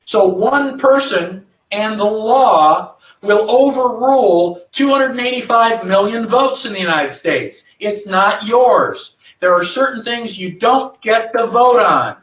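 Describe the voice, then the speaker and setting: A man's voice: sits high, lively intonation, slow pace, hardly any pauses, a bit bright. A man giving an emphatic lecture to an audience, firing rhetorical questions and answering them himself. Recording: echoey, distant, dull lo-fi.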